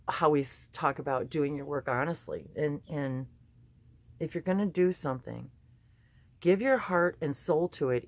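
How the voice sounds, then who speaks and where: A woman with a slightly hoarse morning voice, giving a casual spiritual talk, chatty and laughing often, with many fillers and restarts. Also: deep voice. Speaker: spiritual channeler and teacher.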